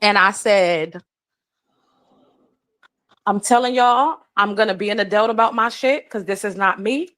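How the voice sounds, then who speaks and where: A woman's voice: medium pitch, a bit bright. Heated, profane woman on a live stream. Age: adult. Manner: blunt, profane and indignant, rapid run-on retelling.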